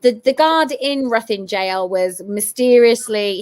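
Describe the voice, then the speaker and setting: A woman's voice: fairly high pitch, expressive, unhurried, darkish tone, smooth. A woman paranormal investigator telling her story in casual chat, eager and full of restarts. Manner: eager, restarts and repeats phrases.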